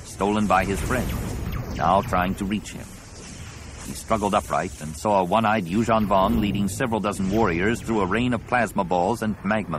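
A man narrating an audiobook in a dramatic, expressive reading. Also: low voice, noisy background.

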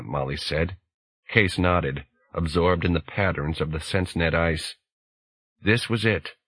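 A man reading an audiobook in a measured, even storytelling voice. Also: deep voice, slightly rough, no room sound, poor audio. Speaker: audiobook narrator. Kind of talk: scripted narration.

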